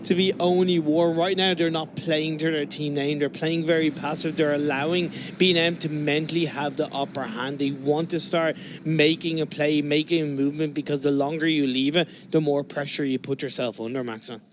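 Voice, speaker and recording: A man's voice: fairly high pitch, steady tone, normal speed, hardly any pauses, noisy background. A man giving live color commentary on an esports match, breaking down team strategy. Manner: analytical, drops his voice when addressing his co-caster.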